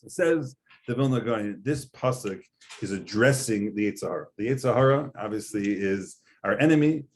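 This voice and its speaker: A man's voice: fairly low pitch, animated, normal speed, a little hiss or hum. A man, a rabbi, giving a conversational Torah lecture, explaining earnestly with frequent fillers. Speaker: rabbi teaching a class.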